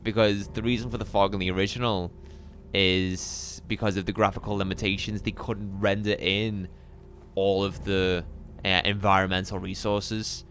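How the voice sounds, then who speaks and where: A man streaming a live game playthrough, chatting with viewers in a relaxed, musing way. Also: deep voice, normal speed, slight background noise. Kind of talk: live gameplay commentary.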